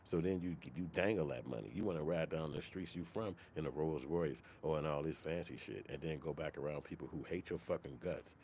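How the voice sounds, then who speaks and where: A man hosting a commentary channel, talking in a casual, profane, animated rant. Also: very deep voice, fairly quick, few pauses, slight background noise. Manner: profane, animated, slips into mock quoted voices.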